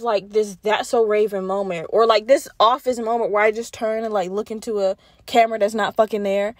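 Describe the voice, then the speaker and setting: A young woman with a fairly high voice tells a story on her own podcast, swearing freely and talking to her listeners as "y'all." The sound is dry and close, with no room echo. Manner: profane, animated, addresses listeners as y'all. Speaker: podcast host. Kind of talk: casual storytelling monologue.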